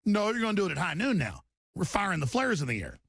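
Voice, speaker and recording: A middle-aged man from Texas hosting a talk radio show, delivering a heated, rambling political monologue with sudden swings in pitch and repeated restarts. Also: wildly swooping pitch, fast, a bit bright, no room sound, studio quality. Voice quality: gravelly.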